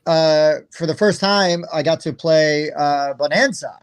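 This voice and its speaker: Male co-host, slightly high voice, loose rambling chat. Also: unhurried, clear, resonant tone. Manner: rambling, laughs easily. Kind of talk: casual chat.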